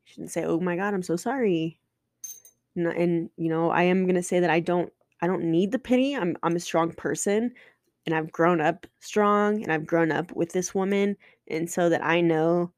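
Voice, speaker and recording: A woman's voice: fairly low pitch, darkish tone, no room sound, studio quality. A woman in her twenties, a podcast host telling a personal story candidly and emotionally, swearing and restarting often.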